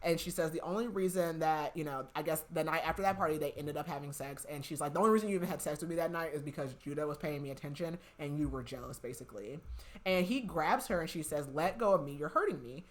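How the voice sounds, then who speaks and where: Speaking fast in a low voice, this young woman hosts a podcast where she gives a casual recap of a novel. She's chatty, leans heavily on "like," and relives scenes through quoted lines.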